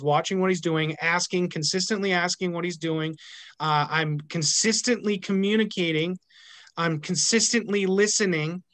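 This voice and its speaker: A man's voice: fairly high pitch, a bit bright. Upbeat man leading a sales training. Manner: upbeat, repetitive rhetorical "right?". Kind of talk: motivational training talk.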